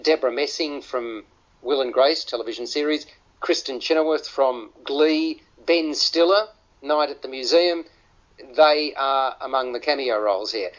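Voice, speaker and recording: Stammering radio film host. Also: male voice, mid-range voice, moderate pace, fairly bright tone. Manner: stammering restarts, repeated words. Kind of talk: radio film review panel chat. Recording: dull lo-fi radio audio.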